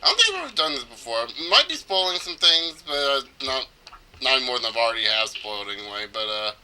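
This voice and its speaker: A man's voice: mid-range voice, sing-song, fairly quick, sharp tone, a little hiss or hum. A young man casually commentating a video game, joking and rambling with many fillers. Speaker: let's player.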